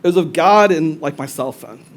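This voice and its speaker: A pastor preaching a conversational sermon to a congregation, swinging between loud bursts and hushed asides. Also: male voice, on the high side, expressive, normal speed. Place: church service before a congregation.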